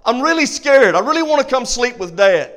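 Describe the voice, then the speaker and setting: A frightened little boy, as a preacher acts him out in a spoken story, pleading and calling out to his mama from upstairs. The voice sits high. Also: big pitch swings, a little fast, a bit bright, full character voice. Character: scared little boy begging to come down.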